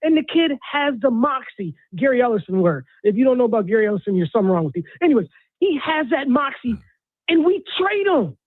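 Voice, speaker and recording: Fast and sing-song, an extremely high male voice comes through a tinny phone line as a caller rants heatedly to a sports radio show, worked up and exasperated. There's no room sound at all.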